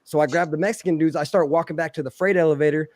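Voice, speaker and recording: Profane storytelling man, slightly high voice. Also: racing, no room sound. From Philadelphia. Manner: profane, animated, acts out quoted voices loudly. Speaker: podcast co-host telling a story. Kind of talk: casual storytelling.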